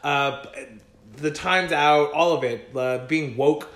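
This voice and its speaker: A fairly high-voiced man rants on a casual podcast, heated and swearing freely. The sound is roomy and echoey, as if recorded in a bare apartment room. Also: slow, fairly bright tone. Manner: profane, heated and emphatic. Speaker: podcast co-host. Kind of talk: casual chat, ranting commentary. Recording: roomy echo.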